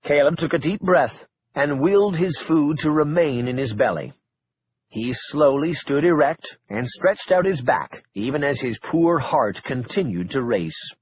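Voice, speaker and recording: Husky, animated male audiobook narrator. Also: a little high, a little slow, muffled recording. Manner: wry, dramatic storytelling. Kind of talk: scripted narration.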